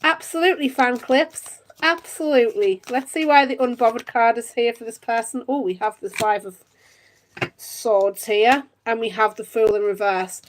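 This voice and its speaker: A woman's voice: a little high, normal speed, a little hiss or hum. A woman in her thirties from Northeast England with a Northeast English accent, reading tarot on a live stream and chatting to viewers with lots of giggles. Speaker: tarot reader.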